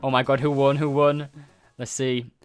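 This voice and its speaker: A man hosting a let's play, excitable, reacting to the story with quick exclamations. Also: mid-range voice, clean tone, soft background music.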